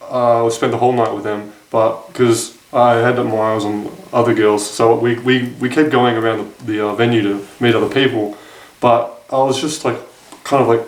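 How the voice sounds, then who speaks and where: A man's voice: mid-range voice, recorded from a distance. A young man casually telling a dating story to camera, rambling with frequent restarts and self-corrections. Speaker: dating advice vlogger. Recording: echoey room, voice off-mic.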